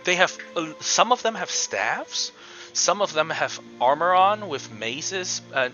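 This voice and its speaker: A man's voice: on the high side, lively intonation, a little slow, sharp tone, highs cut off, faint music behind. A man narrating as game master, describing scenes and calling for checks, with many fillers and restarts.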